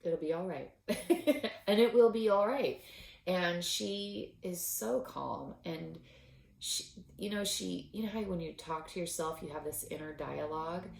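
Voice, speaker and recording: A woman's voice: lowish voice, a little slow, creaky, darkish tone, roomy sound, slight background noise. A woman hosting a knitting podcast, talking casually and getting choked up and laughing between thoughts. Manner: emotional, choked up, laughing often. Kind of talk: casual solo podcast talk.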